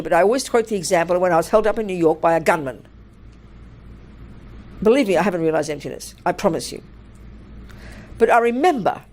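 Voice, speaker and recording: Older nun lady teaching buddhism, voice jumps all over, blunt and laughy. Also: mid-range voice. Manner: blunt, animated, laughs through anecdotes. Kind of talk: dharma talk with storytelling.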